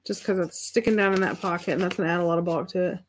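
A woman's voice: fairly low pitch, steady tone, rapid-fire, slight background noise. A middle-aged woman hosting a crafting livestream, thinking aloud as she works and chatting with viewers about their comments. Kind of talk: casual craft demonstration chat.

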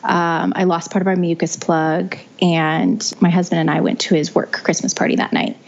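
As a podcast guest, a young woman chattily recounts her birth story, often restarting as she goes. Her voice sits low with vocal fry and a flat delivery at a moderate pace. The lo-fi recording sounds dull.

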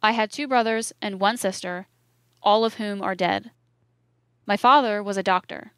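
A woman reading an audiobook, voicing an elderly soft-spoken Southern man who is gentle and tired, in a subdued, quiet delivery with a Southern accent. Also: mid-range voice, moderate pace, smooth, no echo, close to an everyday voice. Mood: weary, earnest.

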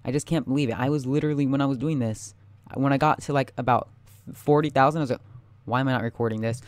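A young man giving live gameplay commentary, excitable and panicky, talking straight to his viewers. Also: mid-range voice, fast, no echo. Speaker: gaming YouTuber.

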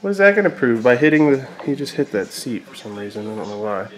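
A young man filming a casual home vlog, talking to his baby sons indoors and slipping into high sing-song baby talk. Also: sing-song, quick pace, reverberant. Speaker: vlogger and father.

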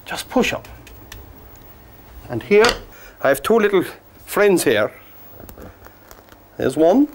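A man teaching a painting demonstration, gently coaxing the brushstrokes as if talking to the paint. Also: high voice, sing-song, takes it slowly, long pauses, a little hiss or hum. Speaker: painting instructor.

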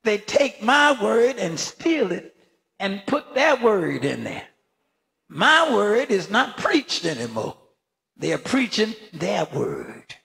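An older man preaching a fervent sermon as a bishop, punctuating his words with praise and shouted emphasis. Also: sits high, sing-song, a little slow, gravelly.

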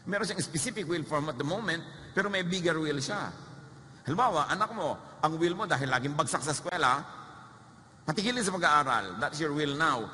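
A Filipino-accented male preacher delivers a sermon with a bright, forceful tone. He tells the stories animatedly, acting out the voices in them and adding humorous asides. His voice rings with the long reverb of a hall, over a faint hiss. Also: fairly high pitch. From Philippines.

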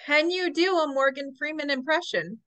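Woman, host, upbeat, high voice, bright tone. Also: moderate pace, no echo. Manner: upbeat, encouraging. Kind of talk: casual interview chat. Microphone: video call.

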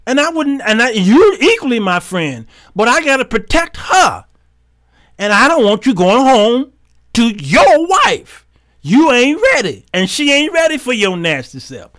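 Here a talk show host, male, with a high and bright ringing voice, preaches his way through stories at a moderate pace. He performs each character's dialogue with animation, breaks into laughs, and alternates soft asides with loud punch lines.

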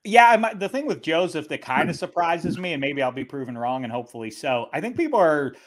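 A man talking football as a guest in a casual chat, animated and quick to slip into playful impressions. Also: fairly high pitch. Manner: animated, quick to put on silly voices and impressions. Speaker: guest analyst.

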